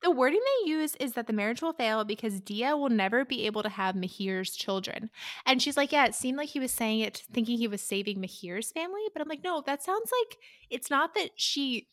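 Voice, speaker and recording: A woman's voice: on the high side, expressive, fast, no echo. Chatty young woman, dry close sound. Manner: chatty, laughs often, acts out quotes. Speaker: podcast co-host. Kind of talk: casual chat recapping a book.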